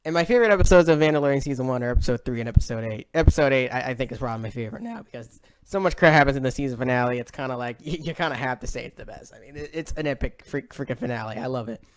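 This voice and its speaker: A man's voice: mid-range voice, animated, racing, clear, resonant tone. A young man giving a casual video review from home, rambling with lots of fillers and self-corrections. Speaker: online show reviewer.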